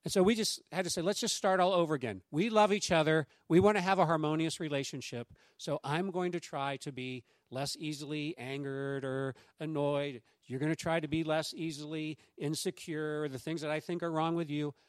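A man's voice: on the high side, moderate pace, hardly any pauses, no room sound. A middle-aged man preaching a sermon as pastor, conversational and anecdotal, speaking to the congregation and acting out quoted voices. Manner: acts out quoted voices in lively raised tones.

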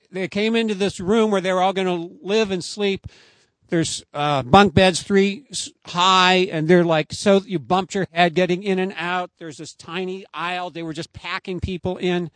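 A man preaching outdoors in a high, clear voice, earnest and emphatic as he builds each point. The sound is close and dry, with no room around it. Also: normal speed, a bit bright, no echo. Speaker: pastor. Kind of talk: sermon.

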